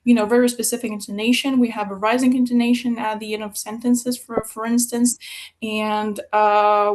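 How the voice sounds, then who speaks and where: A woman with a French accent, a native French speaker, answering conference questions over a video call, thinking aloud with many pauses and fillers. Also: fairly high pitch. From France. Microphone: video call from a computer.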